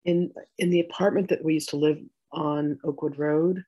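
A woman telling a personal story in a healing session, animated, acting out arguments and laughing. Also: low voice, moderate pace, breathy edge, low-quality recording.

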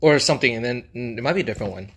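A man with a husky, slightly breathy voice tells stories in a loose, chatty way while eating at a table, with plenty of "like" and "um" along the way. His pitch sits in an ordinary middle range, and he sounds relaxed and conversational as he co-hosts an eating video. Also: rapid-fire. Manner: chatty storyteller, lots of fillers. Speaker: mukbang co-host. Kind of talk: casual chat while eating. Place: indoors at a dining table.

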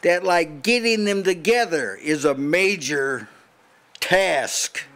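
An older man preaches in a house church meeting, pressing his points hard and challenging his listeners. His voice sits a little high for a man, and he often breaks off and restarts his sentences as he drives home each point. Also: expressive, takes it slowly, fairly bright tone. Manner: emphatic, challenging, with frequent restarts. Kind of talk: sermon.

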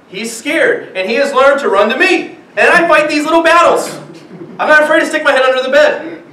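Preaching animatedly in an echoey sanctuary, captured from afar with slight background noise, a pastor and father of young children, young adult or middle-aged, acts out the voices in his stories. His voice is very high-pitched, bright and forceful, a little fast.

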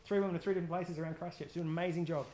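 A man's voice: a little high, steady tone, very fast, a little mellow, a little hiss or hum. A man giving a chatty, jokey outdoor safety workshop, often quizzing his audience. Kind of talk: live gear workshop talk.

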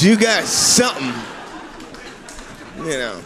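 A man performing a stand-up comedy routine on a club stage, animated and often laughing at his own jokes. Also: high-pitched, unhurried, gravelly, long pauses. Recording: live club recording with crowd noise. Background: audience laughter and room noise.

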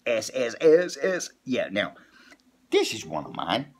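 A man's voice: mid-range voice, huge pitch swings, unhurried. A man doing a rambling, profane comic rant as a vlogger, repeating a drawling catchphrase. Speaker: comedy vlogger. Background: epic background music.

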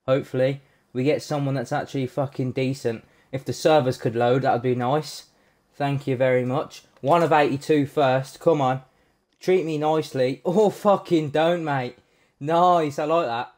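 A man streaming a pack opening live, swearing freely and shouting when a good card comes up. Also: medium pitch, normal speed. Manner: excitable, sweary, loud outbursts at good pulls.

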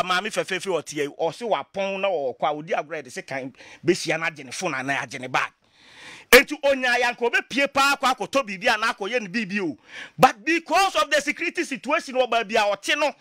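A man with a Ghanaian accent, speaking as a political commentator in a lively talk show discussion, passionate and full of rhetorical questions. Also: very high voice, no room sound, studio quality. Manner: passionate, mixing Twi and English, rhetorical questions.

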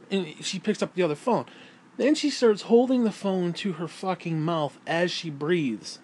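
A man's voice: high voice, a little mellow. Rambling, cursing man telling stories. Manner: rambling, profane, laughs at own stories. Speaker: vlogger and self-published author. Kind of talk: casual storytelling vlog. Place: indoors, lying in bed.

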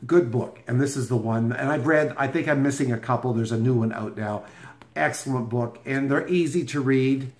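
A man's voice: medium pitch, normal speed, echoey room. A man chatting casually on his video blog about books he has read, playful and rambling, teasing and talking straight to his viewers. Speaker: book vlogger.

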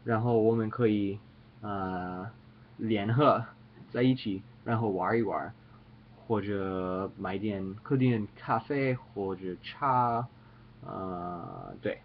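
A man's voice: fairly low pitch, slow, muffled recording, slight background noise. A man chatting casually to his viewers in a playful, jokey, rambling way. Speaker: vlogger. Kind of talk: casual chat to camera.

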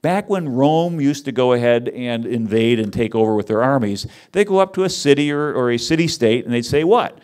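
A man giving a conference talk, wry and animated, teasing his audience as he speaks. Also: medium pitch, brisk, hardly any pauses. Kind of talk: lively lecture with audience banter.

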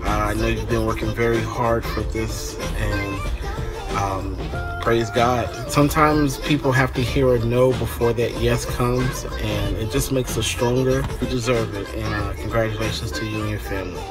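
A man giving an encouraging video message, with pauses as he speaks. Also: on the low side, steady tone. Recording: loud music behind.

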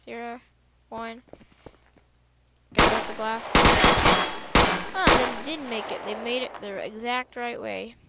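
A woman giving casual, rambling gameplay commentary, excitable and repeating herself as she figures things out. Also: on the high side, takes it slowly, creaky, pauses often. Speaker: gaming video creator. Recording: loud background noise over voice.

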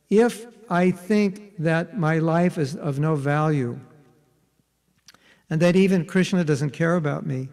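A man's voice: sits high, darkish tone, long reverb tail. A man teaching a spiritual workshop in a conversational way, often checking in with his listeners. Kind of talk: interactive spiritual workshop talk.

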